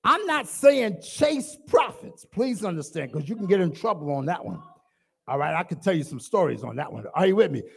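High gravelly preacher man, yells then drops way down, sermon. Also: big pitch swings, normal speed. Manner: preaching with call-and-response, swinging from loud shouting to low asides. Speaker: pastor.

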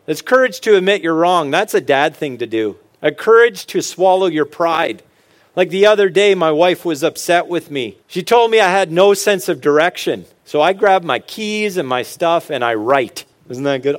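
A middle-aged man with a somewhat high voice gives a humorous motivational talk to fellow dads. He jokes, tells stories and drops into earnest asides. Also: animated, normal speed. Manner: joking, storytelling, earnest asides. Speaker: speaker on fatherhood.

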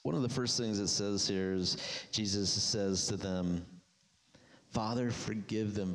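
A man delivering a sermon, reading scripture in a steady middle register. When he presses a point, his voice climbs high and carries with force. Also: a little slow. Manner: emphatic, rising to near-shouted peaks when stirred. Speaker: preacher.

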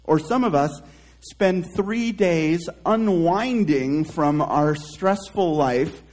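A male pastor preaching a sermon, reflective and conversational, trailing off softly at the ends of phrases and restarting himself in casual asides. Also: on the high side, poor audio. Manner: slow, reflective preaching with drawn-out soft phrase endings.

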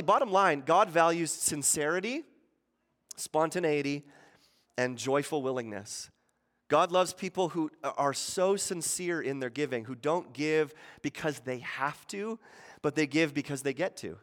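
Chatty pastor preaching in a reverberant hall. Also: male voice. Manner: conversational, asks the room "right?" often; acts out quoted voices with sudden shifts in pitch and loudness. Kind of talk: sermon. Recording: long reverb of a church hall.

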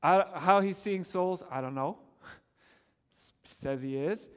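A man preaching a sermon as pastor, earnest and animated, often stammering on repeated words as he pushes a point. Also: sits high, takes it slowly, clean tone, in a large hall.

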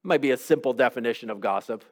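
A middle-aged male pastor with a mid-range voice speaks fast, preaching a sermon conversationally. He poses rhetorical questions and acts out short quotes.

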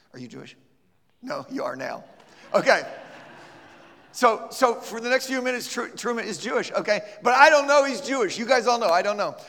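Male church teacher, high and gravelly, animated and scene-acting, in a reverberant hall. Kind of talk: church teaching with a live role-play.

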